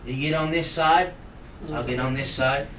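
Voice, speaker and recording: A man voicing Eagle, a proud bird leader who gives brisk, matter-of-fact orders in a spoken folk tale. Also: medium pitch, fairly even intonation, fairly bright tone, natural voice. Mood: bossy. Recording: roomy room from far off, noisy.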